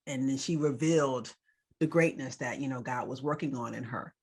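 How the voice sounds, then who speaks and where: A woman's voice: very deep voice, moderate pace, breathy edge. A woman co-hosting a faith podcast, chatting casually as she recaps a church celebration and a sermon, with fillers and asides. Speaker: podcast co-host.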